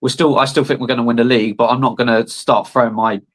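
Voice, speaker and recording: An Arsenal-supporting man on a football podcast, making his point in a measured, reasoning way. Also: medium pitch, fairly even intonation, fairly bright tone. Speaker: Arsenal fan panelist.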